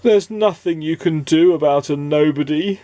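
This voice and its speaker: A gloomy, see-through storybook nobody played by a man reading aloud who speaks slowly and mournfully with a sigh in every line. His voice sits a little above the reader's own, heavy with melancholy. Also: fairly high pitch, lively intonation, darkish tone, pitched above the performer's own voice. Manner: mournful, sighing, slow and sad.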